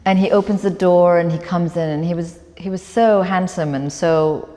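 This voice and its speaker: At a live onstage conversation, a woman author tells a personal story, reflective and laughing often. Her voice is low, steady, and dark in tone at a moderate pace, and the event room gives the live talk a long hall reverb.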